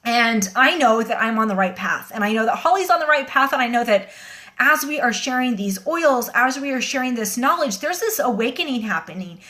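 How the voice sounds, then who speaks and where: A woman's voice: fairly high pitch, lively intonation, brisk, bright, forceful tone. A woman hosting a casual phone livestream, talking earnestly and rambling with many fillers, shaken and emotional. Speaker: livestream host. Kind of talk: casual livestream talk to viewers.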